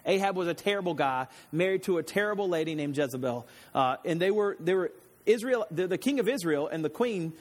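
A man with a notably high-pitched voice delivers a casual, teaching-style sermon. He retells scripture in plain everyday slang, like a chatty storyteller talking to friends. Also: animated, brisk. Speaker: pastor.

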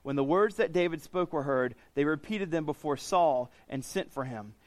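A male preacher teaching through scripture, his voice sitting a touch high for a man. He talks in a loose, conversational way, paraphrasing the passage in everyday words and often restarting his phrases. The sound is close and dry, with no room echo. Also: expressive, moderate pace. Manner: frequent restarts and repeated words. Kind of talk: sermon, Bible teaching.

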